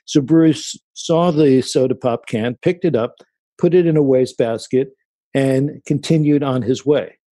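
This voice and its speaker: A man's voice: mid-range voice, a little slow, dry recording. A man being interviewed as an author, answering at length with stories and quoted remarks. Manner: anecdotal, animated when quoting people.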